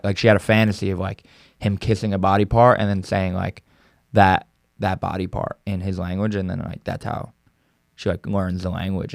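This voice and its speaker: A man's voice: low voice, flat delivery, normal speed, creaky, no room sound, studio quality. A young man, a comedian guest on a podcast, joking and chiming in. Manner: joking, interrupts. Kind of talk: casual chat.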